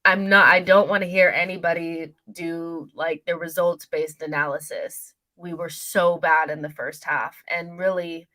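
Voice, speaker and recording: A woman's voice: on the low side, fairly even intonation, unhurried, few pauses, sharp tone, poor audio. A woman speaking as a panelist on a football fan show, frank and critical. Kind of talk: casual show discussion.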